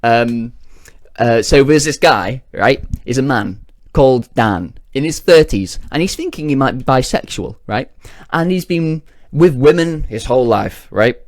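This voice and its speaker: A man telling crude jokes at a mid pitch, rambling and cutting himself off as he goes. The sound is dry and close on the mic, with no room around it. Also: expressive, unhurried, no room sound. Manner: rambling, crude, self-interrupting. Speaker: comedian. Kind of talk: rambling comic joke-telling.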